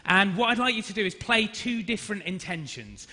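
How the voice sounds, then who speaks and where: A man in his thirties, an actor leading an energetic interactive business workshop and directing the audience. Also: high voice, fairly quick. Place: large conference hall. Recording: reverberant hall.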